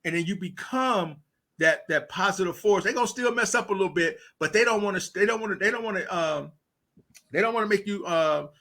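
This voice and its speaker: A man who is a teacher and basketball coach, talking on a podcast in a blunt, animated way, acting out kids and parents and laughing often. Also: high-pitched, fairly quick. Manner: animated storyteller, acts out voices of kids and parents. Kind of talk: casual podcast conversation.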